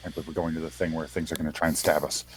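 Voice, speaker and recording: A man's voice: a bass voice, little pitch movement, racing, slight background noise. A man playing a tabletop role-playing game, blunt and impatient. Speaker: player.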